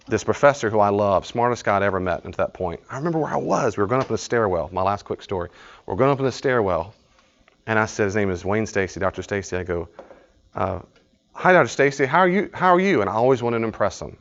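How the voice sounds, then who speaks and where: A man's voice: lowish voice, dull audio. A man leading a study group, lecturing in a conversational, storytelling way and acting out little dialogues. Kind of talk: live class lecture.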